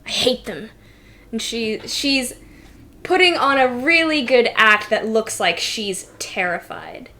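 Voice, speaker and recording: A woman running a tabletop game, narrating casually with plenty of fillers. Her voice is fairly high and she talks at an easy, slow pace. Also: pushed and bright. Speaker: game master.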